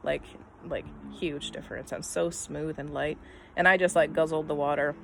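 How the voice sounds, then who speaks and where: A middle-aged woman telling a personal story in a casual, rambling way, full of "um" and "I mean", often trailing off softly at the end of her thoughts. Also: low voice, steady tone, normal speed, creaky, slight background noise. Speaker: vlogger.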